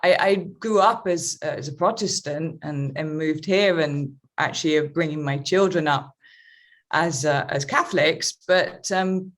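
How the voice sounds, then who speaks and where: A woman life coach speaking reflectively in an interview conversation. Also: sits low. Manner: slow, reflective, talks of spirituality.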